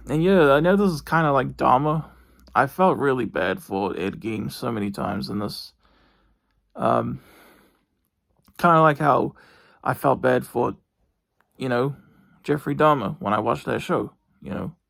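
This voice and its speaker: A young man talks through a TV review in a loose, meandering way, stopping and restarting often. His voice has a gravelly edge. The sound is dry and close, with no room echo. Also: mid-range voice, fairly bright tone. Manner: rambling, halting, lots of fillers and restarts. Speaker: vlogger. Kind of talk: casual TV review monologue. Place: bedroom.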